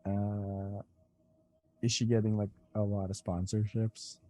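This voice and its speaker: A man's voice: fairly low pitch, flat delivery, takes it slowly, mellow, faint music behind. A man in a casual chat, making brief matter-of-fact remarks. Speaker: podcast co-host.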